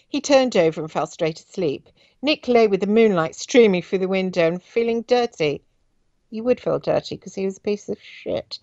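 A woman reading her own memoir aloud, breaking off into flat, wry asides, on dull dry lo-fi audio. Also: medium pitch, dry recording. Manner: flat, wry asides between read passages.

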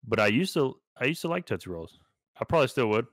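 A man's voice: mid-range voice, sing-song, fast, no echo, clean studio sound. A young man from Texas co-hosting a casual podcast, easygoing and jokey. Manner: easygoing, jokey, laughs often. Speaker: podcast co-host. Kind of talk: casual chat.

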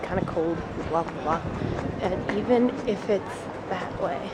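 A woman's voice: lowish voice, measured pace. Chatty young woman vlogging outdoors. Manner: chatty and excitable, narrating as she walks. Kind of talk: casual travel vlog narration. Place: city streets and gardens outdoors. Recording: handheld camera outdoors with loud street noise.

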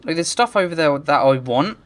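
A man's voice: on the high side, expressive, fairly quick. Man muttering through a game. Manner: mutters to himself, swears, rants when frustrated. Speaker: gamer. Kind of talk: let's play commentary.

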